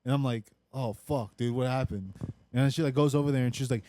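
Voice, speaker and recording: A man's voice: mid-range voice, steady tone, quick pace, warm tone, dry recording. A young man telling a rambling story in casual podcast chat, swearing a lot and saying "like" constantly. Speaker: podcast co-host.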